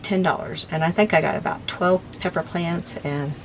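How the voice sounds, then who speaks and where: An older woman with a lowish voice chats as she crafts, wandering from one story to the next. Her talk is relaxed and homey, with soft laughs. A faint hiss of noise sits under the recording. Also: normal speed. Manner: chatty, rambling, warm little laughs. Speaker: crafting vlogger. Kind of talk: casual chat while crafting.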